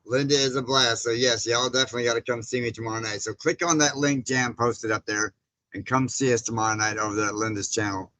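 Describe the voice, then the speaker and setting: A man's voice: medium pitch, sharp tone, low-quality recording. A man hosting a casual livestream, chatting with viewers, greeting them by name and reading their comments aloud in a rambling way. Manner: rambling with frequent fillers and restarts. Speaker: livestream host. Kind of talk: casual live-stream chat.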